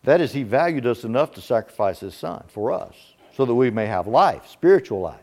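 A man's voice: mid-range voice, big pitch swings, fairly quick, darkish tone. A man preaching a sermon, asking rhetorical questions with emphatic delivery.

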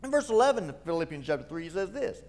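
Lively, emphatic male preacher. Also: on the high side, quick pace. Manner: emphatic, rising to fervent when reading scripture; rhetorical questions, repeats key phrases. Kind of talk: sermon.

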